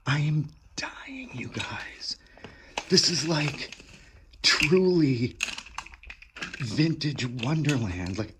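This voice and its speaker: A man of about forty rambling and swearing excitedly as he explores a dark abandoned daycare, sometimes dropping to a whisper. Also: medium pitch, background noise. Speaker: urban explorer and toy collector.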